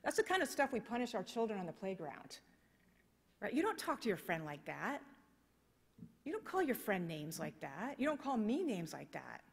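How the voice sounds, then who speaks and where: A woman's voice: mid-range voice, big pitch swings, normal speed, gravelly, breathy edge. An American woman giving a conference keynote, speaking passionately and emphatically with many rhetorical questions. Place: conference hall. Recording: long reverb of a conference hall.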